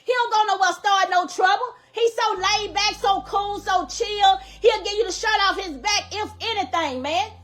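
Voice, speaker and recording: A woman's voice: very high voice, moderate pace, few pauses, a bit bright. A middle-aged woman makes an angry, emphatic public plea as a grieving grandmother, repeating herself for force. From Louisiana, USA.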